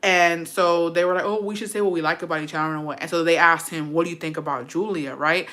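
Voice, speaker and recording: A young woman spills a personal story to her viewers in a bright, clear-toned voice. She is profane and chatty, with dramatic asides as she goes. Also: on the low side, fairly even intonation, quick pace. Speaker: vlogger telling a personal story. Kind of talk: casual storytelling.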